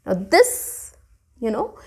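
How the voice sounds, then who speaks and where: A woman teaching a spoken lesson to camera, smiling and expressive, with many "okay" and "you know" fillers. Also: slow pace. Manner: frequent "okay" and "you know" fillers, demonstrates intonation with example sentences; smiling and expressive while speaking. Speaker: English teacher.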